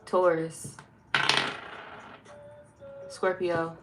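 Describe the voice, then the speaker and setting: A woman's voice: lowish voice, flat delivery, extremely slow, loud music behind the voice, rough recording. A woman reading tarot in a casual, blunt, chatty way, swearing freely. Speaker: tarot reader. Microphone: phone.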